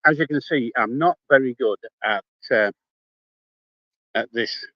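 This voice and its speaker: An older Yorkshire man talks bluntly and casually into his phone, cursing freely. The sound is dry and close, a little dull in the highs. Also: measured pace, no room sound. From Yorkshire, England. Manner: blunt, swears casually, speaks before thinking. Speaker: livestreamer. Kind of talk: casual live-stream chat. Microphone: phone held in hand.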